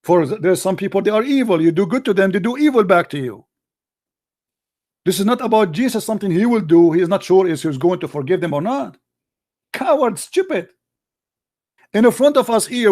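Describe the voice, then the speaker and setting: A man hosting a heated live call-in debate, combative and interrupting, his voice getting hoarse. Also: sits high, darkish tone, dry recording, studio quality. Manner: combative, interrupting, insulting caller. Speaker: debate show host.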